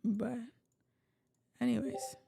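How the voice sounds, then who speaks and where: A woman's voice: on the high side, level tone, slow pace, gravelly, dark tone, slightly rough. A woman hosting a livestream, talking casually to her viewers in a chatty, rambling way with jokey asides. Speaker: livestream host.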